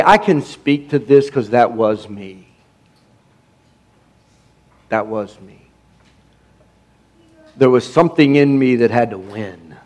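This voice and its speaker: A man's voice: mid-range voice, a little mellow. A middle-aged man pastor preaching a sermon with emphasis, stumbling over restarts and asking the congregation for amens.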